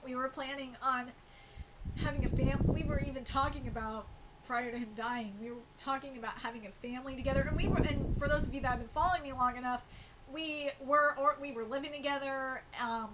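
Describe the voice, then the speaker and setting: High-voiced woman streamer, emotional. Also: steady tone, very noisy. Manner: emotional, halting, many restarts. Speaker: streamer reacting to manga. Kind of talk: live reaction stream.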